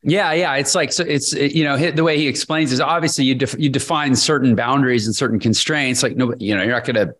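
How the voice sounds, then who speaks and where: A man's voice: medium pitch, fairly bright tone. A man co-hosting a podcast, speaking reflectively with frequent restarts in casual chat. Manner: reflective, halting, many restarts. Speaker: podcast co-host.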